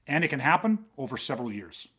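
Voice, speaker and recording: A man hosting a podcast, talking with intensity, swearing freely and acting out quick street confrontations to make his point. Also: mid-range voice, big pitch swings, sharp tone, slight background noise. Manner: emphatic, swearing, acts out street exchanges. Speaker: host.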